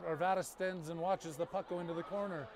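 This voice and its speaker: Male youth hockey commentator with a high voice, quick calls and playful asides. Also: steady tone, a little mellow. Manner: rapid play-by-play with jokey banter. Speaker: play-by-play commentator.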